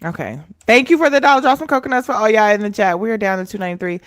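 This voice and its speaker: A woman's voice: medium pitch, lively intonation, very fast, no room sound, clean studio sound. A woman hosting a live stream, chatting casually, teasing and laughing as she reads comments from the chat.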